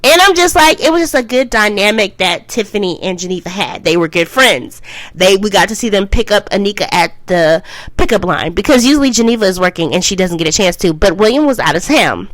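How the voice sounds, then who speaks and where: A woman's voice: lively intonation, brisk, a bit bright, no room sound, rough recording. A woman reviewing a TV show in a casual vlog. She rambles and goes off topic, and she keeps repeating "I will say this" before she makes a point. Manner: emphatic, swings up high for emphasis.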